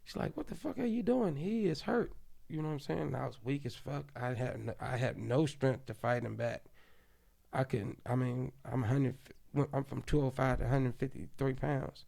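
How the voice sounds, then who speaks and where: A man from Oklahoma City, a podcast guest, telling a story in casual, animated speech full of slang and profanity. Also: medium pitch, normal speed, creaky.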